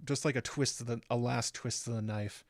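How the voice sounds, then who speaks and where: A man's voice: mid-range voice, fairly even intonation, brisk, dry recording. A man hosting his own channel, casually breaking down an episode with frequent "um" fillers. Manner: conversational, frequent "um" fillers, recapping plot step by step. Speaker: YouTube show host.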